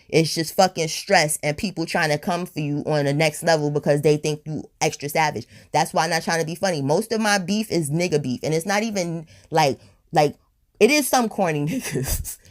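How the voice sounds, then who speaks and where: A woman telling a storytime on her vlog in a blunt, profane, animated way, a little high and tipsy. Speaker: storytime vlogger. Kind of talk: casual storytime monologue.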